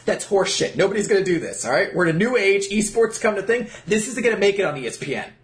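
A man co-hosting a casual podcast, riffing animated jokes and swearing freely. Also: high-pitched, fast talker, hardly any pauses, roomy sound. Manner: animated, joking riffs, swears. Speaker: podcast co-host. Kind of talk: casual comedic chat.

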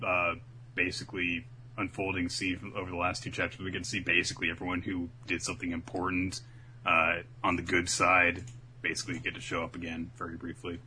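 A man's voice: deep voice, brisk, slight background noise. A man co-hosting a podcast, recapping a comic chapter in casual chat and acting out the characters. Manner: animated, acts out characters. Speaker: podcast co-host.

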